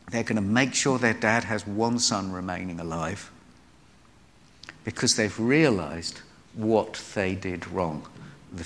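A preacher with a fairly low, slightly bright voice gives a sermon, telling Bible stories and acting out the quoted voices. The recording has a long hall reverb.

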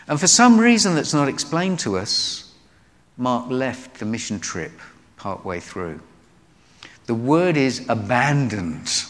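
Guy preaching, lively up-and-down voice, big echoey hall. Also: mid-range voice. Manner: storytelling, acts out quoted voices. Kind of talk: sermon. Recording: long hall reverb.

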